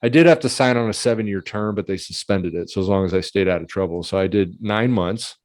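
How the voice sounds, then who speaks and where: Low-voiced man telling his story candidly. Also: fast, a little mellow, no echo. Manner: candid and chatty, laughs and clears throat while telling his story. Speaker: podcast host. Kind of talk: casual storytelling conversation.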